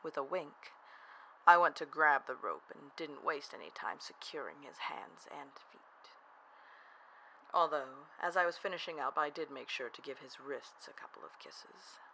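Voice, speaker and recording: A narrator telling a first-person erotic audio story in a soft, half-whispered, breathy delivery. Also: medium pitch, animated, moderate pace, a little hiss or hum, poor audio.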